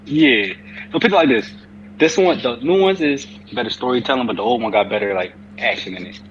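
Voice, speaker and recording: A man's voice: mid-range voice, a little fast, slight background noise. Informal man on a dull mic. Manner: informal, casual grammar. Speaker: podcast co-host. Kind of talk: casual chat.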